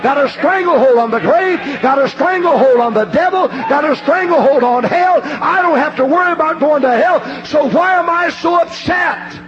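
A man preaching a fervent sermon. He swings between ringing shouts and low, hushed passages. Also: moderate pace, hardly any pauses, lo-fi sound.

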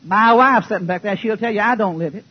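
An older man preaching a folksy, joking sermon, swinging between loud outbursts and low mutters. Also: fast talker, husky, lo-fi sound.

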